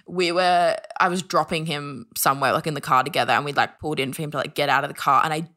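A woman's voice: deep voice, steady tone, fast talker, sharp tone. A woman telling a personal story in casual chat as a podcast guest, talking in a chatty way and filling her phrases with "like". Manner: chatty, fills every phrase with "like", acts out quoted voices.

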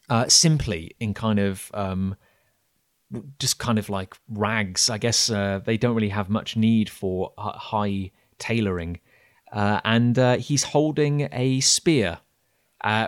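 A man narrating a tabletop game as game master, describing scenes haltingly with many fillers. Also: fairly low pitch. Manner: hesitant, filler-heavy describing.

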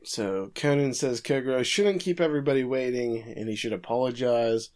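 A man with a middle-pitched voice talks through a story's events in a casual chat. His tone stays conversational and relaxed as he lays out what happens. He drops in quick asides along the way. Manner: recaps plot in long runs, with quick quips and laughs. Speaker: podcast co-host recapping an anime episode.

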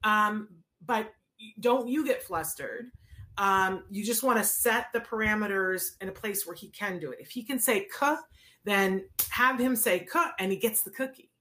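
A woman hosts a live advice stream and speaks to parents in a direct, emphatic coaching manner. She asks rhetorical questions and sometimes acts out little scenes with a child. Her voice sits in a middle pitch range. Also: moderate pace, sharp tone. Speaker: host answering viewer questions on child therapy.

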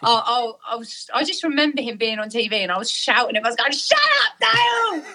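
A woman's voice: fairly high pitch, rapid-fire, bright, forceful tone. A middle-aged woman in a casual chat, telling a story with lots of laughter and acted-out voices. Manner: chatty storyteller, laughing often, acts out voices.

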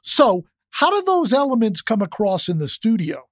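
A man's voice: high voice, big pitch swings, normal speed, dry recording, studio quality. Emphatic man hosting an interview. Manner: emphatic, explains at length before asking. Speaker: podcast host, interviewer. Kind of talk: podcast interview.

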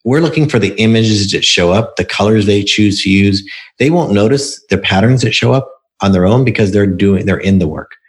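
A man's voice: on the low side, expressive, normal speed. A man, a book coach, talking in a casual interview and explaining his process through stories and examples.

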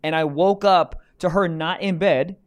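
Young guy on a podcast, bit high voice, swears a lot, jokey rambling. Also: unhurried. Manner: loose, profane, joking. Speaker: podcast co-host. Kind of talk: casual chat.

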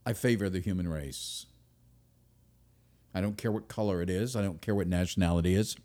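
A man giving a speech to an audience, emphatic, with sudden loud stresses and drops to a near-whisper. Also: low voice, brisk. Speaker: speaker.

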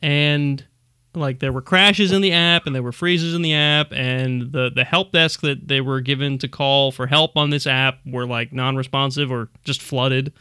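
A man's voice: medium pitch, fairly even intonation, moderate pace, pushed and bright, smooth, dry recording, studio quality. A man hosting a podcast in casual chat, rambling through stories and laughing often. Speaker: podcast host.

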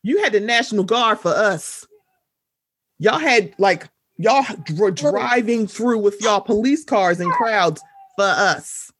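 A woman's voice: medium pitch, lively intonation, takes it slowly, breathy edge, no room sound, studio quality. A young woman chatting casually as a podcast co-host, acting out her own reactions in quoted asides. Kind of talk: casual chat.

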